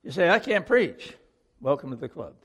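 A man's voice: on the high side, big pitch swings, moderate pace, slightly rough, big-room sound. A man preaching a sermon to a congregation, earnest and questioning, repeating key lines for emphasis. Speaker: pastor.

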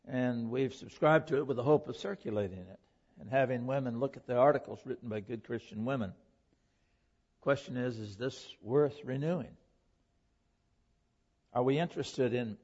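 A man preaching a sermon in a church, asking earnest rhetorical questions and shifting his emphasis often. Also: medium pitch. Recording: lo-fi dull sound.

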